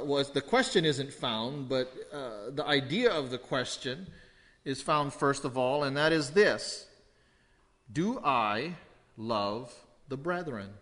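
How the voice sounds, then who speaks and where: A man preaching a verse-by-verse sermon, deliberate and repeating key phrases for emphasis. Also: a little high, sharp tone, in a large hall. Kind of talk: expository sermon.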